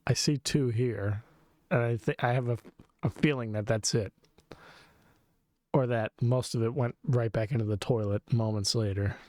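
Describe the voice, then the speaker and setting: A man's voice: medium pitch, steady tone, moderate pace, a little mellow, dry recording. A man co-hosting a podcast, chatting casually and profanely while reacting to videos. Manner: profane, amused, rambling. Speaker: podcast co-host.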